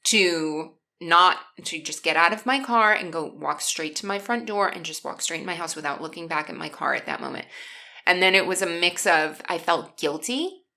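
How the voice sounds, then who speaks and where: A woman vlogger colors while telling a personal story casually and emotionally, with many restarts and asides to her viewers. Her voice is on the low side, bright and forceful.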